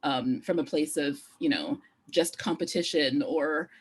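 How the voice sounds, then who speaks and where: A woman's voice: sits low, measured pace, breathy edge. A woman giving an earnest, emphatic talk as a guest speaker on theatre education, repeating key phrases and restarting sentences.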